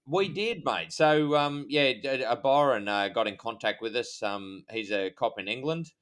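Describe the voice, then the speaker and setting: An Australian man, a police officer co-hosting a podcast, telling stories in a halting way full of fillers. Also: mid-range voice, a bit bright. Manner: halting, filler-heavy storytelling. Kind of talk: casual chat.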